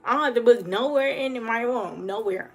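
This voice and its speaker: Woman, livestream host, quick and earnest speech, repeats points for emphasis, casual monologue. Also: fairly high pitch. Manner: fast talker.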